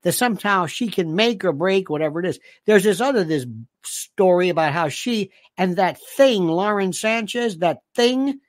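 A sarcastic commentary host tears into the subject of the rant, heaping up insults and rhetorical questions in a loose, rambling flow. The pitch sits in a middle range. The recording is dry and close, with no room sound. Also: expressive, normal speed, no echo. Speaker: host reading viewer comments. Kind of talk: opinionated commentary monologue.

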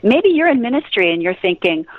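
A woman's voice: on the high side, very animated, fairly quick, no echo, phone-quality sound. A woman guest on a radio interview, telling stories with energy, laughing often and breaking into prayer. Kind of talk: animated interview storytelling.

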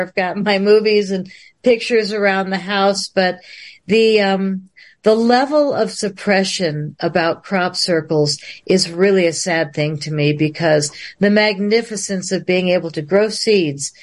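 Animated woman telling a story with laughs. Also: mid-range voice, unhurried. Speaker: guest. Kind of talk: storytelling in a livestream interview.

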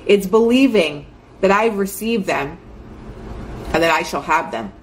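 A woman's voice: fairly low pitch, animated, measured pace, slight background noise. A young adult woman giving an earnest, chatty motivational talk, full of fillers like "like". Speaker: host.

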